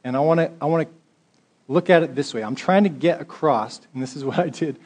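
A man's voice: fairly high pitch, moderate pace, pauses often. A male pastor preaching a sermon, reading scripture aloud and building to emphatic exhortation in a conversational way.

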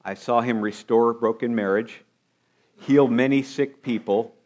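A man's voice: medium pitch, steady tone, measured pace, darkish tone. A man preaching a sermon as pastor, asking his congregation rhetorical questions.

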